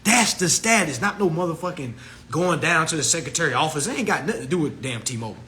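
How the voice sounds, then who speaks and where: A high, bright-voiced man rants profanely about law and debt, his pitch swinging wildly as he preaches at his listeners. He talks fast and animated, throwing in shrill impressions of people. A faint hum sits behind him. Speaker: host. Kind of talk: livestream talk.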